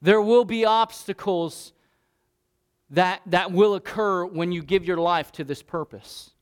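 Male pastor, earnest and chatty, slightly high voice, sermon delivery. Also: a little slow, clear, resonant tone. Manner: conversational, earnest preaching with restarts.

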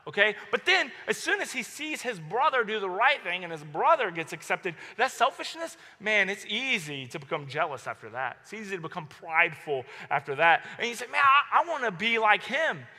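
A male pastor preaching a sermon, telling stories in an animated way and acting out his own outbursts. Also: sits high, brisk, hardly any pauses. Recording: long hall reverb.

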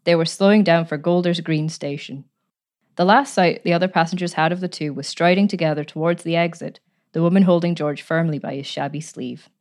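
A woman narrating a story aloud in a measured, even way. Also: on the low side.

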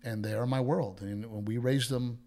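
Brief: man, comedian, animated storyteller, mid-pitched voice, quotes people in character. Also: normal speed. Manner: animated storyteller who quotes others in their voices, swears. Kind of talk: casual chat, storytelling.

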